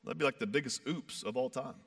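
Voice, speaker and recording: A man preaching a sermon in a conversational way, swinging from fired-up emphasis to quiet, soft passages. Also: medium pitch, fast talker, vocal fry. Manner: emphatic, builds to fired-up peaks then drops soft; conversational, uses "like" and "you know". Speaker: pastor.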